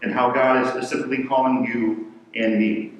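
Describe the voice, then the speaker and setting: A man's voice: mid-range voice, flat delivery, normal speed. A man preaching a sermon as a parish pastor, in an earnest, conversational way. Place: large church. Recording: echoey church hall from far off, faint ambience.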